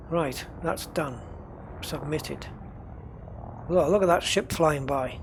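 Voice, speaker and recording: A man's voice: on the high side, slow pace, pauses often, a little hiss or hum. A man giving casual gameplay commentary, chatty, talking to himself and the game and chuckling often. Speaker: gamer narrating his play.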